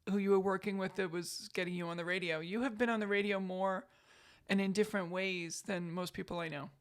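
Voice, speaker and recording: A woman's voice: mid-range voice, fairly even intonation, fairly quick. A woman comedian co-hosting a podcast, chatting casually and teasing with dry, wry humor. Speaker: podcast co-host.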